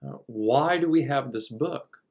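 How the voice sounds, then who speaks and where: A man's voice: medium pitch, unhurried, gravelly, darkish tone. A man who is a priest, giving a conversational teaching talk with frequent fillers and restarts. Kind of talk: recorded teaching talk over slides.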